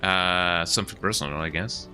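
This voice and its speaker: A man's voice: low voice, normal speed, over music. A young man streaming a game, chatting casually in a rambling way and tagging "eh?" onto lines. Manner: rambling, says "eh" often. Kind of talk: casual chat while gaming.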